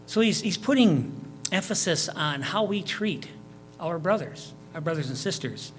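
A man's voice: a little high, lively intonation, measured pace, soft background music. A man preaching a sermon, reading scripture verses aloud and explaining them in plain, conversational terms, with repeats and fillers. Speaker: pastor.

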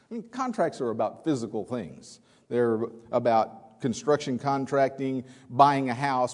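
A man in his sixties, a visiting preacher with a weak voice, giving a folksy sermon with many filler pauses. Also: mid-range voice, darkish tone. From California. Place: church hall. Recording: long hall reverb.

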